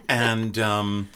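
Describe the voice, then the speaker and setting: An older man tells stories with a lively voice that leaps up and down, and his tone is bright and forceful. He slips into laughter as he talks and jumps between voices in his tales. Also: fairly low pitch. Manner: animated storyteller, bursts into laughter. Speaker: guest drummer. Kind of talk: casual podcast storytelling.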